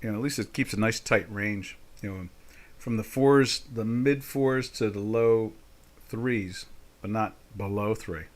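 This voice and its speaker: An older man hosts a live trading webinar, offering casual market commentary full of folksy, jokey asides and mock exasperation. His voice is fairly low and his delivery unhurried.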